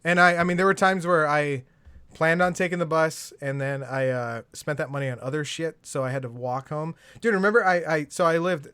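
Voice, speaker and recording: Man, podcast host, higher voice, dry recording, crude banter, laughs a lot. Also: a little fast, pushed and bright, smooth, no echo. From Southern California. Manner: crude, laughing, reads listener questions. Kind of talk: casual comedy podcast chat.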